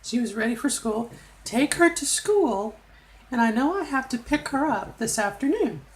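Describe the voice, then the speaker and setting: A woman's voice: fairly high pitch, animated, normal speed, poor audio. A middle-aged woman recording a casual video diary, talking candidly with many fillers and asides. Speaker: vlogger.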